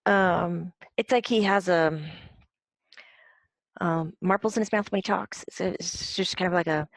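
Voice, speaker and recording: Woman medium, low, slow, hesitant, dry recording. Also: no echo. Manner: hesitant, many ums, laughs often. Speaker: psychic medium. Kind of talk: relaxed conversational channeling.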